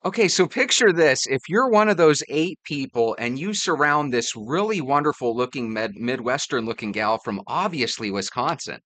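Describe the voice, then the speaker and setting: A man's voice: medium pitch, expressive, moderate pace, hardly any pauses, a bit bright, no room sound. A man hosting a reaction video, commenting in a theatrical, teasing way.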